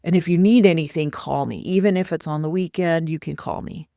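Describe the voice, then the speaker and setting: A woman's voice: low-pitched, a little fast, gravelly, dark tone, dry recording, clean studio sound. A woman career coach candidly recounting a personal workplace story, acting out the quoted dialogue as she goes.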